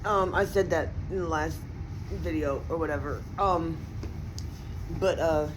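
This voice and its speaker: Woman, unhurried speech, casual profane vlog, rambling with fillers, faint background noise. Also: deep voice. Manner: profane, meandering, many fillers; voice rises and sharpens when indignant. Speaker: vlogger. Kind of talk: casual rant to camera.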